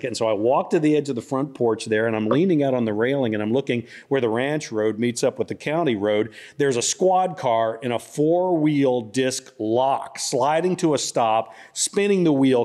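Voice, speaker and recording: A man's voice: mid-range voice, a little mellow. Folksy middle-aged man telling stories. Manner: folksy, drawn-out anecdotes full of "you know" and "like". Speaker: author speaking at a book festival. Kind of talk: humorous storytelling talk. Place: church hall.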